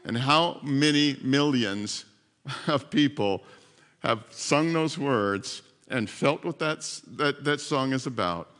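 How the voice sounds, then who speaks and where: A male pastor preaching a sermon, telling a story with animated repetition and dropping to a soft hush at times. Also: medium pitch, slow. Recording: long hall reverb.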